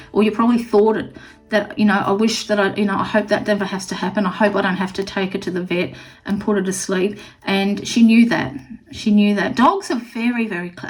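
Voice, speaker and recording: Woman tarot reader, mid-pitched, emotional and reassuring, faint music underneath. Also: low-quality recording. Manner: earnest and reassuring, with frequent 'okay?' tags; emotional, close to tears. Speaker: tarot reader and pet medium. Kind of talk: casual spiritual reading to camera.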